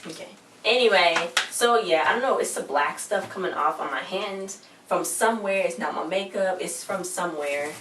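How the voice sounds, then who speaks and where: Young woman, casual show recap vlog, retells scenes in character, lowish voice, echoey room. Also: normal speed, far from the mic. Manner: chatty, retells scenes acting out characters' lines. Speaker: TV show reviewer. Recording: roomy, from off-mic, faint hum.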